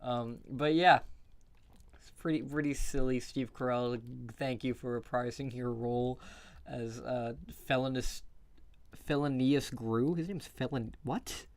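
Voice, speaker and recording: A man's voice: medium pitch, unhurried. A man streaming casually, reviewing movies in a loose, rambling way, often breaking into laughter and swearing. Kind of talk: casual live-stream chat.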